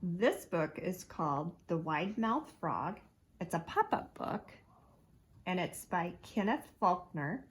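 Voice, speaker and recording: A woman teacher reading a children's picture book aloud, expressive and pausing to point out the pictures. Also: fairly low pitch. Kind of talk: children's story read-aloud.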